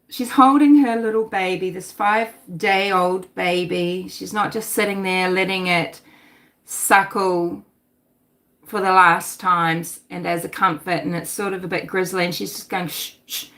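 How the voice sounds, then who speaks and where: A woman's voice: on the low side, steady tone, measured pace, fairly bright tone. A middle-aged woman, hosting a casual livestream, talking animatedly, swearing and reading out chat comments. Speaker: livestream host.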